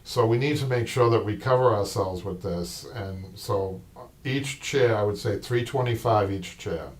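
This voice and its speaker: Rambling Boston-accented man, low voice. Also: unhurried. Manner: rambling, with many restarts and asides. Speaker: upholstery shop owner and show host. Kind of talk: casual live-stream talk. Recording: distant mic with faint noise.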